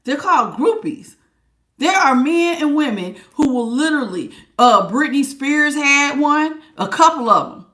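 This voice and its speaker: Animated, laughing woman tarot reader. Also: sits high, measured pace, echoey room. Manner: animated, laughing, slangy and blunt. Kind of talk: casual spiritual reading.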